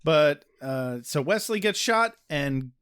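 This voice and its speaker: A man's voice: a little high, expressive, slow pace, fairly bright tone, smooth. A man co-hosting a podcast, recapping an episode in a casual, sardonic and profane way. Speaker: podcast co-host. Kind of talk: casual chat.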